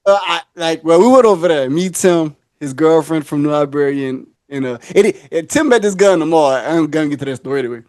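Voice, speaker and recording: A man's voice: fairly high pitch, a little fast, few pauses. A man hosting a podcast, telling a long story in casual chat and acting out the people in it. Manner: animated, acts out the people in his stories. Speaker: podcast host.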